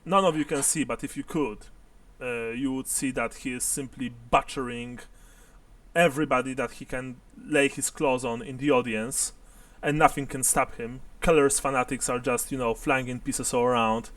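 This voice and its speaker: A man's voice: medium pitch, fairly even intonation, normal speed, fairly bright tone, dry recording, far from the mic. A man narrating and explaining rules as game master of a tabletop game, laughing often.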